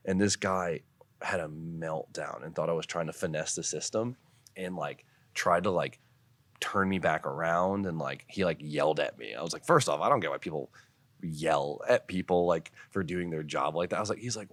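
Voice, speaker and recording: A young man, a podcast guest, telling stories in casual chat, animated and laughing often, swearing freely. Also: low-pitched, moderate pace, no room sound. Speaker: podcast guest, car builder and drifter.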